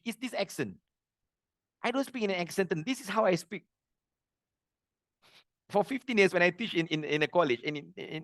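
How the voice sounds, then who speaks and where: A middle-aged man teaching a religious lesson, earnest and plain-spoken, with animated delivery. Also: sits high, dry recording, clean studio sound.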